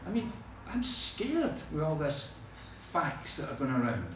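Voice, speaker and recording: Echoey preacher, lively. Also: male voice, a little high, unhurried, slight background noise. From Scotland. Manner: lively storytelling with humor. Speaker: pastor. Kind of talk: sermon. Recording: echoey hall from far off.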